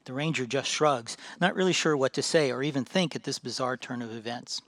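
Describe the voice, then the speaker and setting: A man reading a fantasy tale aloud as narrator, measured and dramatic. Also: mid-range voice, a bit bright, no echo.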